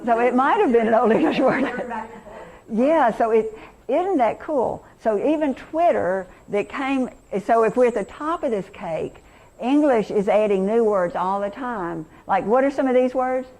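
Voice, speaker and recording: A woman's voice: a little high, lively intonation, measured pace, a little mellow. Upbeat woman teacher quizzing a class. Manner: enthusiastic, quizzing the audience. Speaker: teacher leading a workshop. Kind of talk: interactive classroom lesson.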